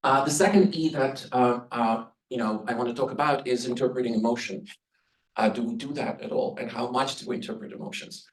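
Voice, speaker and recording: A man's voice: medium pitch, fairly quick. A man born in the Soviet Union giving an earnest conference presentation on interpreting, advising listeners as an instructor. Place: conference room. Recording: roomy sound from a distant mic.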